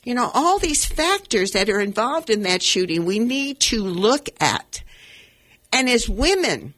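A woman's voice: fairly high pitch, very animated, unhurried, fairly bright tone. An older woman hosting a radio talk show, speaking with earnest, emotional conviction and rambling, restarting sentences. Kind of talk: impassioned commentary.

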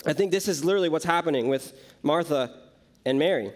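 High-voiced young man preaching casually. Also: quick pace. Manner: conversational, many "like" and "right?" asides. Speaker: youth preacher. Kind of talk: casual sermon storytelling.

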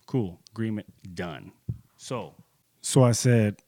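A man in his thirties telling a personal story in casual, profane speech, getting heated and jumping into higher voices when he quotes people. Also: animated, normal speed, no room sound, studio quality.

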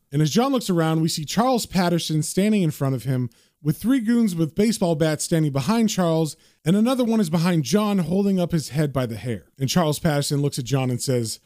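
A man recaps a comic book panel by panel in a relaxed, descriptive way. His voice sits a little high yet mellow, and the recording is dry and close. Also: a little fast, no room sound. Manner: casual, descriptive storytelling.

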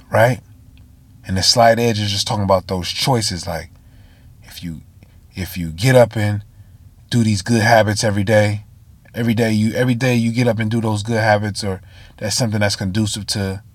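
On his solo podcast, a tired host yawns his way through a casual story, using slang and fillers and tossing asides to his listeners. His voice is lowish and husky, recorded with no echo.

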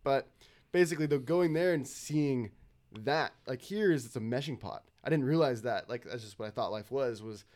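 A young man from Northern California, a participant in a casual chat, tells easygoing stories and laughs between lines. His voice is medium-pitched, a little mellow, and moderately paced.

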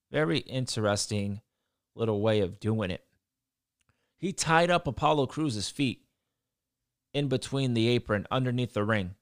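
A wrestling show reviewer with a medium-pitched male voice gives a casual, blunt recap, swearing freely and ranting about what he disliked. The audio is studio quality with no echo.

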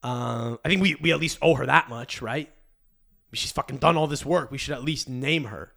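A man's voice: mid-range voice, normal speed, gravelly, bright, forceful tone. A man hosting a podcast, ranting crudely and rambling with many restarts. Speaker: podcast host. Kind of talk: casual rant.

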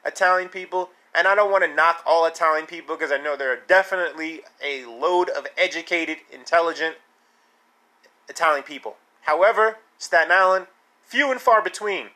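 A man hosting a podcast, ranting casually in an animated, indignant and sarcastic way. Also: a little high, moderate pace. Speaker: podcast host. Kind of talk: casual solo podcast rant.

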